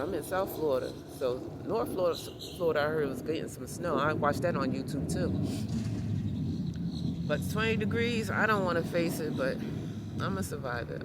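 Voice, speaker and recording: Rambling woman vlogging over street noise. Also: deep voice. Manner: rambling, repeats reassurances to herself. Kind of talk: casual talk to camera. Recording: noisy outdoor street recording.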